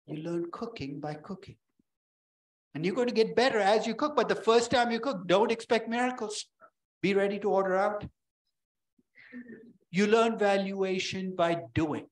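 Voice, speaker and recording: A man, a university professor, giving a lively, joking lecture in a conversational way. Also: sits high, normal speed, pauses often, low-quality recording.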